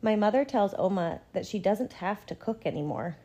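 Mellow-voiced woman reading a picture book. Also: medium pitch, expressive, highs cut off. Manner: gentle, measured storytelling. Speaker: storybook reader. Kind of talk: picture-book read-aloud.

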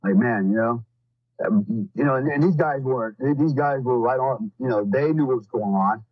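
Husky-voiced man, blunt and rambling. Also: mid-range voice, normal speed, dry recording, lo-fi sound. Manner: blunt and profane, rambling with many fillers. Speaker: podcast guest. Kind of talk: casual storytelling.

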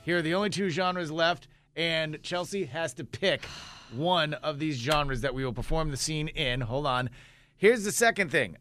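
A man hosting a radio show, running a live improv game with upbeat, quick announcer patter. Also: on the high side, fairly bright tone, faint music behind. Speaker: radio host.

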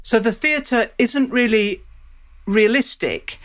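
Woman professor, halting, thinking aloud. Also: a little high. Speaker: professor of Shakespeare studies. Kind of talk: interview, explaining.

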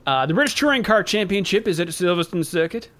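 A man's voice: sits high, lively intonation, fast talker, a bit bright. A man co-hosting a casual motorsport podcast, reading out race listings and tripping over foreign place names. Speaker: podcast co-host.

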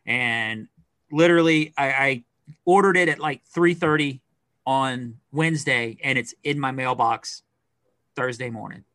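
In a casual podcast chat, a middle-aged co-host rambles in an animated way, scattering fillers throughout. His mid-range voice moves a little slowly, and the studio-quality recording has no room sound.

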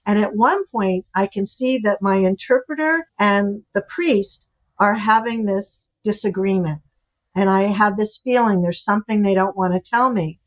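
A woman's voice: mid-range voice, normal speed. An older woman, a guest author and relationship expert, telling anecdotes animatedly in a podcast interview. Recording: dull lo-fi audio.

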